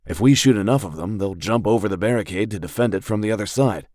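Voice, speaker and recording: A man voicing a calm, tactical male rogue who lays out plans in an even, level-headed way. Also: fairly low pitch, fast talker, no echo, studio quality, natural voice. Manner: calm, planning.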